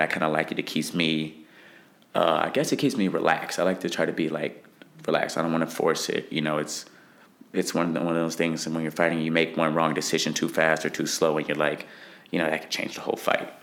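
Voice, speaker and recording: A young fighter talks through an interview answer in a very low voice with a gravelly, fry-heavy edge. He rambles, circling back and filling gaps with "like" and "you know." The feel is loose and conversational. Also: a bit bright. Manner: rambling, many "like" fillers.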